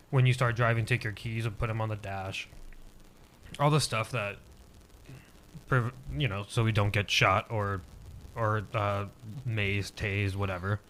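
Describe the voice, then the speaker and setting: Young male podcast guest, low voice, halting casual storyteller. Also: fairly bright tone, a little hiss or hum. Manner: hesitant storytelling, heavy use of "like" fillers.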